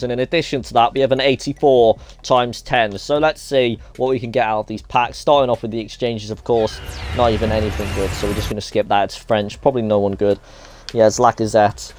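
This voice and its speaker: Excitable guy opening packs. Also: mid-range voice. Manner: excitable, chatty, reacts aloud to each card. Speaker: gaming YouTuber. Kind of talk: pack-opening commentary. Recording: faint music behind the voice.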